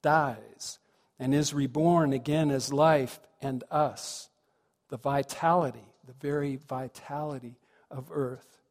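A man's voice: medium pitch, steady tone, slow pace. A man giving a reflective, conversational sermon to a congregation, often asking them questions. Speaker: minister. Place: congregation hall. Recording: long hall reverb.

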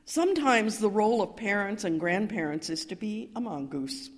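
A woman's voice: mid-range voice, moderate pace. Older woman preaching in an echoing hall. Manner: calm storytelling, building to emphatic cries. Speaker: minister. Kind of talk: sermon. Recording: reverberant hall.

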